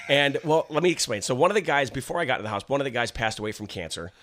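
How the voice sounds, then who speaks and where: A young man co-hosting a casual podcast with a bright, forward voice. His pitch swings widely as he tells his story, animated and often laughing. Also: fairly quick, a little hiss or hum. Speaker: podcast co-host.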